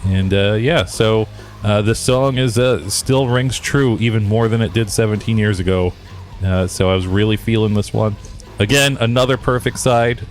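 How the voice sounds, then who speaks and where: A man with a fairly low voice chatting casually on a music podcast. He is laid-back and peppers his talk with fillers and the odd swear word, while faint music plays behind him. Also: normal speed. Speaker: podcast co-host. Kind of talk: casual chat.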